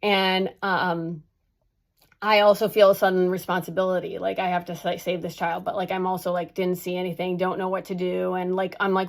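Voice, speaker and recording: A woman telling a personal story aloud, halting, with many fillers and restarts. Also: on the low side, flat delivery, vocal fry.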